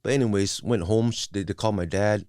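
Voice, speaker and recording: Speaking fast at a fairly low pitch, this forties-aged guest sounds a little mellow as he candidly recounts his life, swearing freely, restarting often and adding "you know what I mean." He isn't a native English speaker, and the studio-quality audio has no room sound.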